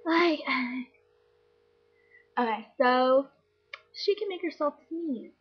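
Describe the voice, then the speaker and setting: Teasing high-voiced young woman. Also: expressive, slow. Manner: teasing, blunt. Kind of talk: casual chat with a friend. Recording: lo-fi home webcam audio.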